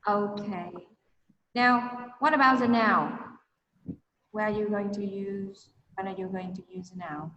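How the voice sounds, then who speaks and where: Teaching an online English class over a video call, this woman moves between English and Vietnamese and puts questions to her students. She speaks a little slowly, at medium pitch, with a fairly bright tone. The sound is roomy and somewhat muffled, with slight background noise.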